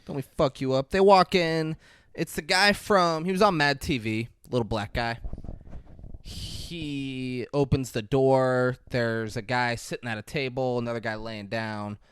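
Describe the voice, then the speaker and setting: A man's voice: medium pitch, fairly even intonation, a little slow, fairly bright tone, clean tone, no room sound. A man co-hosting a casual movie review podcast, teasing his co-host and jumping in to act out lines from the scene.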